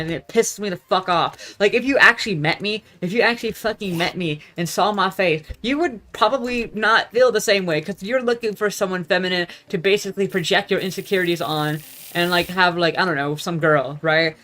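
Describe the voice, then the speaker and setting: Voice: mid-range voice, bright, forceful tone. A young adult vlogger telling a story in a casual, profane, rambling rant that keeps losing its thread. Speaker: gaming vlogger.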